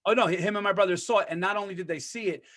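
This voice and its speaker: A man co-hosting a podcast in casual chat, telling animated stories, acting out quotes and swearing freely. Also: high voice, very fast. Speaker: podcast co-host.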